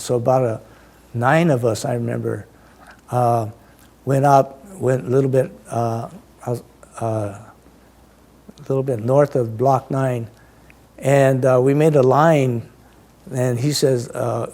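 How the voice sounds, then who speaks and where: A man in his eighties recounting childhood memories in an interview, halting and full of fillers. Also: mid-range voice, darkish tone.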